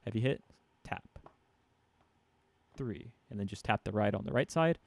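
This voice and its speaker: A man's voice: on the low side, animated, normal speed, gravelly, darkish tone, dry recording. A man giving a casual drum lesson, explaining hits and counting beats aloud. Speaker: drum teacher. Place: room with a drum kit. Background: drums played between talk.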